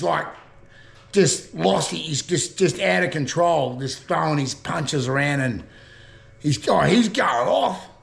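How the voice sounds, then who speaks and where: A vlogger with an Australian accent chats casually about slang, rambling, swearing freely and laughing at his own jokes. His voice is fairly high, creaky and fairly bright.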